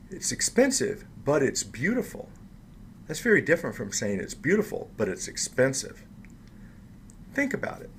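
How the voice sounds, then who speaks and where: A man giving a recorded lecture, explaining slowly and stressing key words. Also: medium pitch, creaky, a little hiss or hum.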